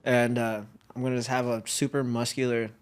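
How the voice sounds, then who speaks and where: A man's voice: medium pitch, flat delivery, brisk, smooth. Laid-back young man telling stories. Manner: laid-back slang-heavy storytelling with laughs. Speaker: guest athlete. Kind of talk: casual chat.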